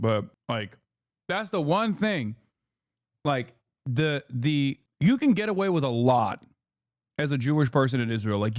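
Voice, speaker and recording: A man in his thirties streaming, reacting to a video with heated, sarcastic, rapid commentary full of rhetorical questions. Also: mid-range voice, a little mellow, no echo, clean studio sound.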